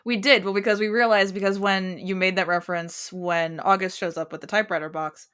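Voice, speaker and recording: A woman's voice: mid-range voice, steady tone, fairly quick, a bit bright, clean tone. A woman co-hosting a casual TV recap podcast, explaining show lore in a chatty way with plenty of fillers. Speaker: podcast co-host.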